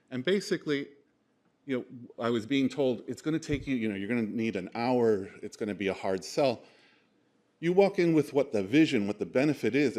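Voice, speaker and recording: A man's voice: medium pitch, a little mellow. A man speaking at a leadership forum, talking to the audience in a conversational way, with frequent fillers and "right?" tag questions. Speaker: conference speaker. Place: conference room.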